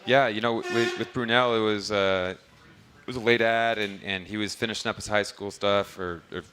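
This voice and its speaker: A man's voice: fairly low pitch, fairly even intonation, normal speed, sharp tone, clear, resonant tone. A man who coaches basketball, telling rambling stories in an easygoing way during a live interview at a restaurant bar. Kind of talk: casual interview answers.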